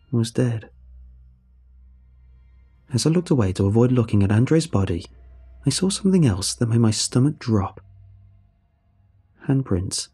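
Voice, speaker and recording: Brief: man reading horror fiction, grave and measured, husky dark tone. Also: on the low side. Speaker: horror story narrator. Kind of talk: scripted horror narration.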